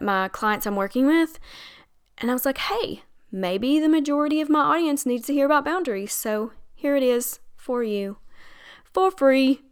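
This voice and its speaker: Woman podcaster giving pep-talk advice, smooth clear voice, chatty and encouraging. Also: fairly high pitch. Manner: encouraging, chatty, laughs between points. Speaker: podcast host and coach. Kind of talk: casual solo podcast advice.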